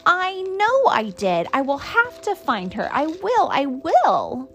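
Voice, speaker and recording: A woman's voice: huge pitch swings, slow pace, fairly bright tone, soft background music, heavily acted. A woman doing a small lost baby bird. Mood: worried. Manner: high, eager, pleading.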